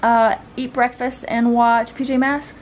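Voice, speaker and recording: A woman's voice: a little high, flat delivery, unhurried, a little hiss or hum. A middle-aged woman and mother chatting casually and upbeat at home for a family vlog, rambling from one thing to the next.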